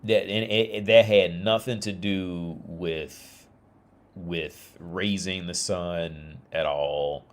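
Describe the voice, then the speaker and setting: A man's voice: low voice, fairly even intonation, slow. A man talking on a casual livestream, rambling with many restarts and fillers. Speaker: streamer.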